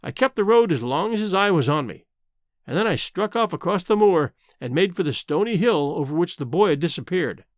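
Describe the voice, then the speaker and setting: A man narrating a novel as an audiobook, in a measured, expressive storytelling manner. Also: sits high, dry recording, studio quality. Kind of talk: scripted narration.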